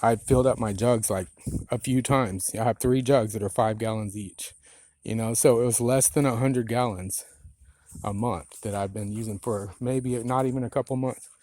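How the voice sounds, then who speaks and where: A man's voice: medium pitch, fairly even intonation, moderate pace, darkish tone, dry recording. Agitated man ranting outdoors into phone. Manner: agitated, profane, rambling with many "you know"s. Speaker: property owner filming a complaint. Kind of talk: angry handheld vlog rant. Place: outdoors on rural land.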